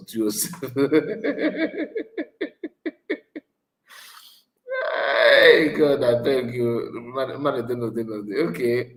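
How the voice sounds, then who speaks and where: A man giving casual, drawn-out commentary, pausing often between remarks. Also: medium pitch, roomy sound. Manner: slow, drawn-out remarks with frequent pauses. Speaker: channel host reacting to a clip.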